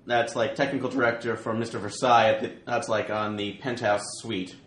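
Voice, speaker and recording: A man's voice: fairly low pitch, steady tone, a little fast, a bit bright, close to an everyday voice. A man voicing a nervous male technical director who rambles with lots of restarts, recorded in an echoey room. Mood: wary. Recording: roomy echo.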